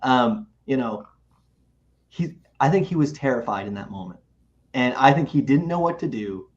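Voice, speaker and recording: A man co-hosting a show in casual chat, talking in an animated way, often restarting and repeating himself. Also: mid-range voice, moderate pace. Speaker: podcast co-host. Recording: muffled lo-fi recording.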